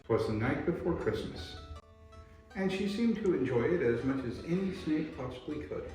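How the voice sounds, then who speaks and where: A man hosting a video, reading poetry aloud with a theatrical, drawn-out delivery. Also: a little high, lively intonation, a little mellow. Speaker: host. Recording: echoey room from far off, faint music.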